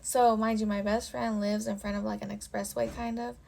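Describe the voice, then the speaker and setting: A young woman tells a personal story for her vlog in a loose, offhand way. Her voice has a lot of gravelly vocal fry. She swears freely and fills nearly every phrase with "like.". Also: mid-range voice, flat delivery, a little fast, darkish tone. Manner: casual and profane, with constant "like" fillers. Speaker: storytime vlogger.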